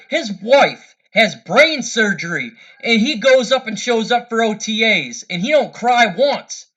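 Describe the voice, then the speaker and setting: Angry guy ranting about a rival qb, high bright voice, keeps repeating himself. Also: highs cut off. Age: older than 13-year-old's parent, adult. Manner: angry, repetitive, stammering restarts. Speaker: fan commentator. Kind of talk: heated sports rant.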